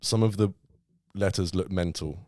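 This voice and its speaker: A man's voice: deep voice, moderate pace, darkish tone, no echo, clean studio sound. A man hosting a casual podcast, laughing often, swearing and teasing his guest. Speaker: podcast host.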